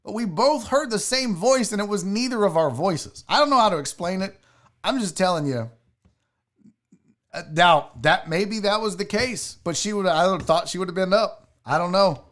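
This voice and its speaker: A man's voice: high voice, animated, normal speed, a bit bright. A man hosting a casual show, telling a personal story and swearing now and then. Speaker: sports show host.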